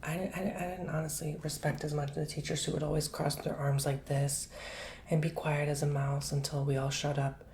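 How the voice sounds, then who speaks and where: Man, ASMR reader, soft-spoken with whispers, gravelly, rambling casual slang, close mic, faint hiss behind. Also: on the high side, little pitch movement, normal speed. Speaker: ASMR tarot and coffee cup reader.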